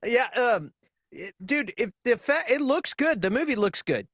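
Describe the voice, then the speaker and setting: A man co-hosting a casual podcast chat, excitable and stumbling over his words. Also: very high-pitched, moderate pace. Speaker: podcast co-host.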